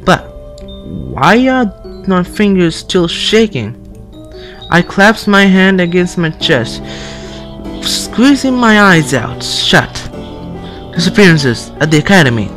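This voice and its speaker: A man reading game text aloud for a playthrough, halting and restarting words as he goes. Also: sits high, very animated, a bit bright, soft background music. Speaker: let's-play gamer.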